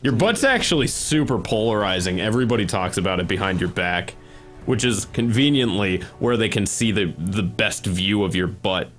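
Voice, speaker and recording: A young American man hosting a casual voice-call chat, teasing with deadpan sarcasm and heavy swearing. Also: lowish voice, normal speed, soft background music. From United States. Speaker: streamer, channel host. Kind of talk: casual banter.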